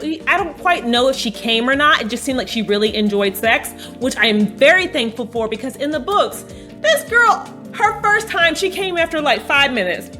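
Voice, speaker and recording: High-voiced, animated woman recapping a show. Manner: animated and playful, with bursts of dramatic emphasis; blunt, with casual swearing. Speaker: vlogger recapping a TV episode. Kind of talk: casual chat.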